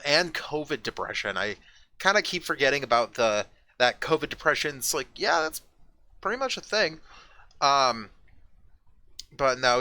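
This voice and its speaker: A man chatting casually on a live stream, his voice bright and a little sharp at an ordinary middle pitch. He rambles, swears freely and breaks into sudden excited bursts. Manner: rambling, profane, quick to excited outbursts. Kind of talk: casual chat. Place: at home with a roommate nearby.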